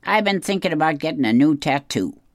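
A woman's voice: sits low, animated, fairly quick, no room sound, studio quality, pitched above the performer's own voice. A woman voicing a blunt, sloppy diner cook from a comic strip. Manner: blunt, offhand.

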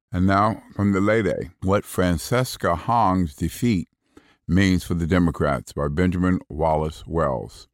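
Deep-voiced male magazine narrator. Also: unhurried, no echo, clean studio sound. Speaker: magazine audio reader. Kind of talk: scripted narration.

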